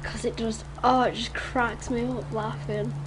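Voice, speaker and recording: A woman's voice: fairly high pitch, little pitch movement, unhurried. A teenage girl rambles through a casual video diary. She sounds worn out after a night with little sleep, giggles often, and keeps restarting her sentences. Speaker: vlogger. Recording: noisy home ambience.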